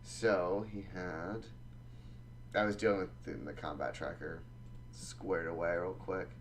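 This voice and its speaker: A man running a tabletop game as dungeon master, narrating combat in a relaxed, halting way. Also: sits low, a little hiss or hum.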